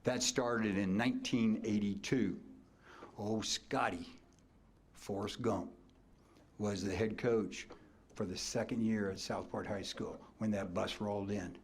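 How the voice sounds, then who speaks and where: A man in his sixties with a Midwestern American accent, a coach giving a storytelling hall of fame acceptance speech from a podium, dropping to whispers and bursting out loud. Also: on the low side, fairly even intonation, unhurried, slightly rough. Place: banquet hall at a ceremony.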